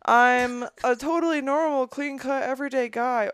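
A young woman co-hosting a podcast in a studio, with a gravelly edge to her voice. She reads a letter aloud and stops often to give blunt, profane opinions of it. The sound is close and dry. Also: mid-range voice, lively intonation, moderate pace, dry recording. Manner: blunt, profane, disgusted commentary with frequent laughs. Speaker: podcast co-host. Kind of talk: casual podcast chat, reading a listener letter aloud.

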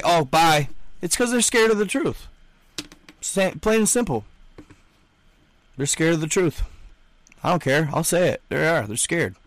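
A man's voice: fairly high pitch, dry recording. A young man hosting a livestream, chatting and reading out comments in an emphatic, slangy way, repeating himself often. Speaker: livestream host.

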